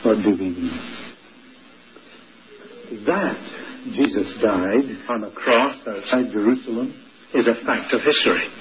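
A male preacher giving a sermon, slow and emphatic, dwelling on repeated words. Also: mid-range voice. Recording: dull lo-fi recording, faint noise.

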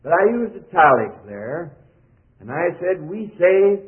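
A man's voice: on the high side, sing-song, normal speed. Preaching man on a tinny old recording. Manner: emphatic, rising and falling preaching cadence. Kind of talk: sermon.

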